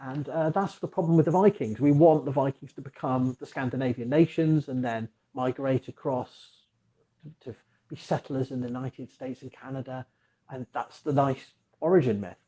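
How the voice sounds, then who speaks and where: A man hosting a casual conversation about the past, talking in rambling, digressive stretches with animated asides. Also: mid-range voice, normal speed, rough recording. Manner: mock voices for quoted figures. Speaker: archaeologist podcast host.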